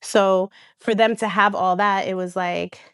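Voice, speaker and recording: Animated storytelling woman with a smooth voice. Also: mid-range voice, a little slow, dry recording, studio quality. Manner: animated storyteller who acts out quoted voices, with restarts and laughs. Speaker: reality TV star and guest. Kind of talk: casual storytelling interview.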